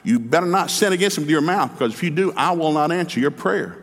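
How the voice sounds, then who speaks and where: A man with a slightly high voice preaches quickly and animatedly, his sermon ringing with long hall reverb. He's folksy, humorous and emphatic, telling lively stories and acting out their dialogue.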